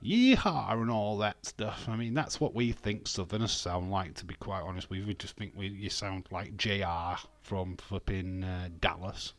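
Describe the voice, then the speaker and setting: A man's voice: low voice, fairly even intonation, moderate pace, few pauses, a bit bright, dry recording. A man with a Yorkshire accent casually chatting and bantering with his live-stream viewers, rambling and swearing now and then. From Yorkshire, England. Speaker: wrestling watch-along streamer. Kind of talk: casual live-stream chat, reading comments.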